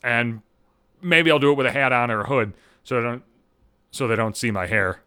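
A man's voice: mid-range voice, moderate pace, bright, forceful tone, clean tone, no echo. A man hosting a solo podcast from home, ranting in a heated, profane way and stumbling over restarts. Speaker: podcast host. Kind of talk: solo comedic rant podcast.

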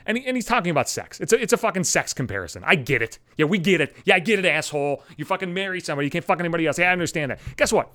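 A man rants bluntly into a microphone at home, swearing nonstop as he vents. His voice sits at an ordinary middle pitch, and the recording is dry and close, with no room sound. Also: animated, quick pace, fairly bright tone, dry recording. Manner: heavy swearing, blunt, ranting. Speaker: podcast host. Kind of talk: solo profane rant. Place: home apartment, alone. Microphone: studio microphone.

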